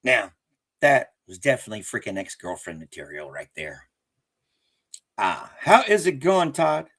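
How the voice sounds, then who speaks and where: A man's voice: on the low side, sing-song, normal speed, a bit bright. A man with a Southern accent hosting a casual livestream, rambling and chuckling as he corrects himself mid-sentence. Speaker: livestream host. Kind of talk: casual live chat.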